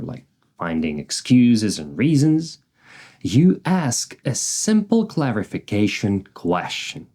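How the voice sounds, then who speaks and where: A man giving an emphatic, animated self-help talk, now and then swearing for emphasis. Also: on the low side.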